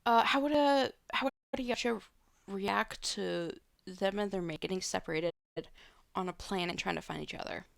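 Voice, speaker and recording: A woman's voice: mid-range voice, normal speed, creaky, fairly bright tone, dry recording, clean studio sound. A woman streamer at home, answering viewer questions in a loose, rambling way with many fillers and restarts. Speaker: live streamer. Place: home room.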